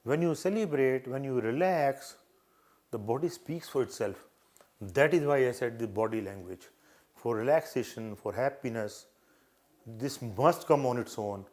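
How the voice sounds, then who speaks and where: A man's voice: mid-range voice, a little slow, a little mellow. An older man from India gives earnest advice on interview etiquette. He repeats key points and acts out greetings and gestures as he goes. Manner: earnest, repetitive advice with demonstrations. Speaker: interview coach. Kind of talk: live coaching session.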